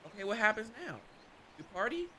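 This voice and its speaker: A woman playing a game on video, reacting in a casual, slangy way with loud exclamations. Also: medium pitch, sing-song, brisk, slight background noise. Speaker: gaming YouTuber. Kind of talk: let's play commentary.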